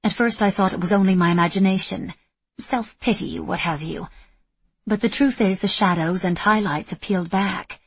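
A woman's voice: mid-range voice, moderate pace, slightly rough, no room sound. Woman reading as a self-doubting young fighter. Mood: earnest. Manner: earnest, self-critical.

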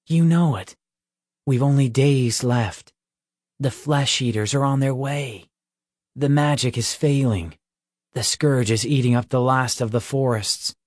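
A man voicing a defiant, stubborn wild boy who never grows up, in a brash, slow audiobook reading. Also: medium pitch, a little mellow, dry recording, studio quality.

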